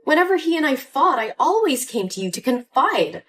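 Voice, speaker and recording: Casting: a woman playing a pleading young daughter, high-pitched and very expressive, faint music behind. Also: moderate pace. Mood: upset. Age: young adult. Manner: pleading and indignant. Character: hurt young adult daughter, pleading and upset. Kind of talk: scripted story voice acting.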